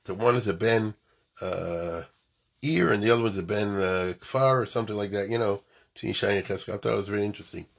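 A man's voice: lowish voice, fast talker, gravelly, a bit bright. A man giving an informal storytelling lecture, mixing in Hebrew and Yiddish terms and often checking that his listeners follow.

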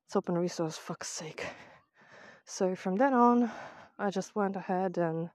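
A woman's voice: on the low side, unhurried, darkish tone, dry recording. A woman with a British accent, ranting sarcastically with heavy swearing in a casual voice memo recorded on a phone while walking outdoors. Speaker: vlogger. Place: outdoors on a walk to the seaside.

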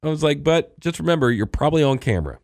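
A man co-hosting a local radio talk show, telling a story in a casual, chatty way and quoting people in lively voices. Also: a little high, quick pace, dry recording, clean studio sound.

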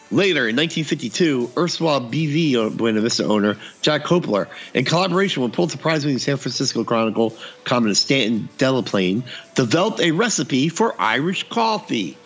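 A man's voice: medium pitch, sing-song, brisk, a bit bright, husky, soft background music. A man casually telling a funny story on a podcast, acting out the dialogue and laughing often.

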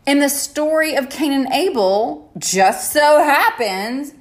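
A woman's voice: sits high, animated, takes it slowly. A woman teaching on a Bible story in a chatty, casual way, laughing often and acting out the characters' lines. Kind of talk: casual sermon.

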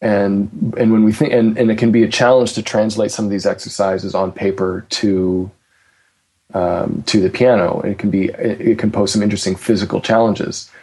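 Male jazz teacher, low voice, halting talk full of restarts, relaxed conversation. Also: slightly rough. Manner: hesitant, many restarts, laughs easily. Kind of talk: casual conversation about practice.

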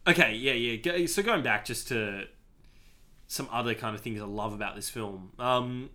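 Man, podcast co-host, bright voice, medium pitch, animated, casual film chat. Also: moderate pace. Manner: animated, enthusiastic, with frequent fillers.

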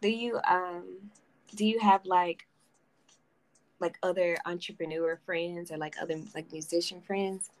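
Entrevistadora curiosa de voz um pouco grave. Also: female voice, on the low side, fairly even intonation, unhurried, rough recording. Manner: curious, casual, full of fillers. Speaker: podcast host. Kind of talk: casual interview chat.

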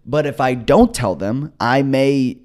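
A young man in his twenties, a podcast co-host, telling a story casually, swearing and acting out quotes. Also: slow pace. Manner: animated, swearing, acts out quotes with jumps in pitch.

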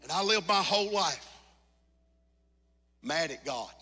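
A man preaching a sermon as pastor, moving from quiet confession to shouted, sung climaxes. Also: on the high side, expressive, a little slow, slightly rough, big-room sound, soft background music. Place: church sanctuary.

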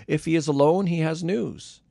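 A man's voice: a little high, normal speed, gravelly, mellow, no echo, studio quality, voice pushed up. A man voicing an old king who speaks with urgency and anguish in a scripture reading. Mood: urgent. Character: grieving old king, commanding and anxious.

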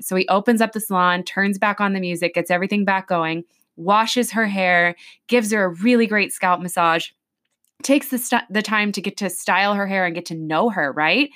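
A woman in young adulthood to middle age, talking casually on a podcast with a steady, middle-range voice. She tells her stories with lots of energy and acts out what each person said. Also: medium pitch, normal speed. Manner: chatty, animated, acts out quoted voices. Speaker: podcast host and hairstylist. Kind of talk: casual storytelling chat.

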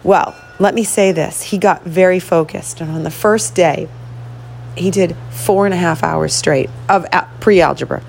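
Her voice is low, unhurried, gravelly and a bit mellow, with a little hiss or hum behind it. She's a middle-aged woman, a host and coach, giving an earnest, motivational storytelling monologue and playing both parts of a dialogue.

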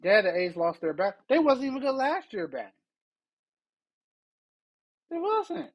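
Man, solo sports podcast host, ranting, exasperated, lively pitch swings, husky voice. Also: measured pace, dull audio. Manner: exasperated ranting, rhetorical questions.

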